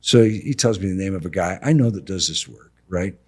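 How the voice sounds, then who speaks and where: A middle-aged contractor talks fast in a deep, slightly rough voice during a relaxed podcast interview. Telling his stories with animation, he acts out both sides of exchanges and slips in slang such as "bro" and "dude."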